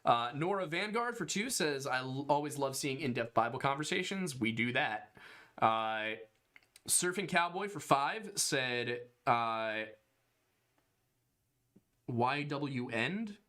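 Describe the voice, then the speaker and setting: A man's voice: medium pitch, animated, takes it slowly, sharp tone. A young man from Pennsylvania co-hosting a casual livestream podcast, reading donation messages aloud and laughing often.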